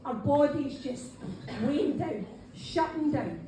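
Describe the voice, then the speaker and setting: High-voiced Scottish woman medium, echoey room. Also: animated, takes it slowly. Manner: chatty, keeps saying "right, okay", calls people darling. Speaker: spiritual medium. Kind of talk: live mediumship demonstration to an audience. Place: function room of a local pub. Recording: very echoey room, faint background noise.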